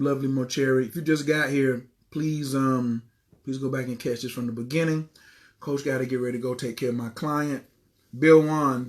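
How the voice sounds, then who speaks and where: A man, a life coach and healer, talking casually to viewers in a livestream monologue, animated and slangy and often repeating himself. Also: mid-range voice.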